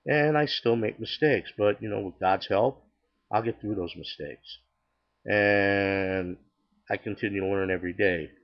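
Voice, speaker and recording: This is a storyteller recounting his testimony: an older man, relaxed and talkative, voicing the dialogue himself with many restarts. His pitch sits fairly low, his pace is unhurried, and the sound quality is lo-fi.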